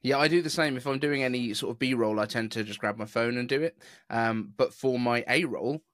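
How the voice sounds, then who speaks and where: A man's voice: medium pitch, brisk, a bit bright, dry recording, clean studio sound. A man from southeast England with a neutral southern British accent, hosting a podcast in a chatty, rambling, self-deprecating way. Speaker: podcast host. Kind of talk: casual chat.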